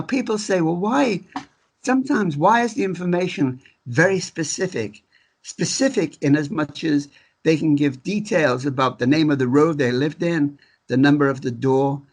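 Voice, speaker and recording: A man working as a medium, talking in a relaxed interview and telling stories in a rambling way. He often restarts his phrases and chuckles as he goes. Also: fairly high pitch. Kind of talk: conversational storytelling interview.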